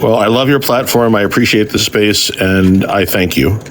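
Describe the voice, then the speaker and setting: A man from Massachusetts calling in to a live stream, joking dryly with wordplay in a measured way. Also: fairly low pitch, slight background noise. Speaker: caller. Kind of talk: casual call-in chat.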